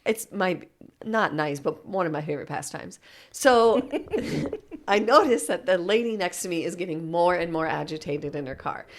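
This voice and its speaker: A woman's voice: on the low side, lively intonation, moderate pace, background noise. A woman in her forties, a podcast co-host, telling a story in casual chat and laughing often.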